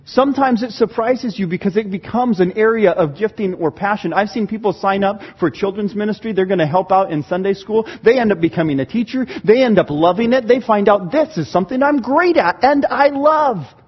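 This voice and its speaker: A man preaching a sermon as pastor, animated, acting out church members' voices. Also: high voice, a little fast, few pauses, breathy edge, dull audio.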